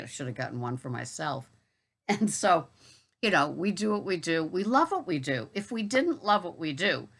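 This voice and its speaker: A woman with a notably low voice talks straight to her viewers in a loose, rambling monologue. She drifts into asides and fillers. Her tone is wry and exasperated. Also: fairly bright tone. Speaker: gig-work shopper and channel host. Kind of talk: casual monologue to camera.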